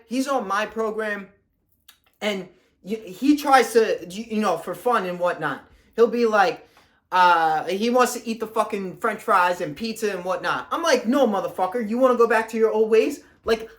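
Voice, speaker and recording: A man's voice: high voice, a bit bright. A young man, a fitness coach, ranting to camera in a blunt, profane, confrontational way.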